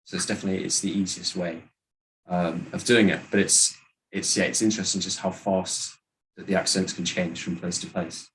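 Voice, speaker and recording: Deep-voiced British man, hesitant. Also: flat delivery, fairly quick, fairly bright tone, slight background noise, poor audio. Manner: hesitant, many ums and restarts. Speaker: guest speaker at a language exchange. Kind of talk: casual panel answer, switching to Spanish.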